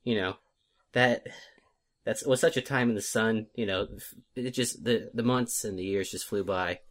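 A man's voice: fairly low pitch, moderate pace, fairly bright tone. A man co-hosting a casual movie podcast, rambling and self-deprecating with many fillers. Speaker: podcast co-host, film list maker.

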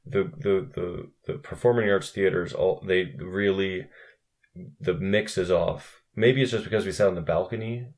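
Low, gravelly man chatting casually. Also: fairly even intonation, normal speed, darkish tone. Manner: rambling, profane, with frequent restarts. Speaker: podcast co-host. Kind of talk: casual film review chat.

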